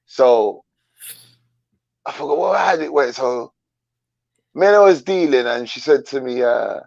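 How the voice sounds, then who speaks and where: A man's voice: medium pitch, lively intonation, measured pace, creaky, a little mellow, no echo, lo-fi sound. A man bluntly telling slangy stories in a casual live chat.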